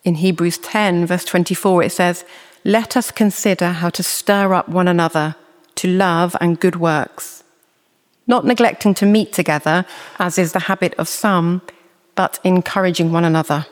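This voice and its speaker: A preacher reads scripture slowly and deliberately during a sermon, measured and earnest in manner. His mid-range voice holds a steady tone, and the sound has a big-room quality.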